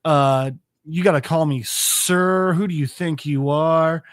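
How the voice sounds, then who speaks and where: A man's voice: fairly high pitch, takes it slowly, smooth, dry recording, studio quality. A man voicing a hostile, mocking grown man who picks a fight, while retelling a scene. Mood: sneering. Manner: mocking, blustering.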